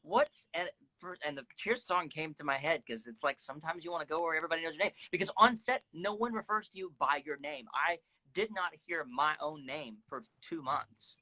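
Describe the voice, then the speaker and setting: A man's voice: fairly high pitch, a little fast, hardly any pauses, sharp tone, low-quality recording. A young man, a singer hosting a phone livestream from home, chatting in an easygoing way with lots of fillers. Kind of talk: casual chat.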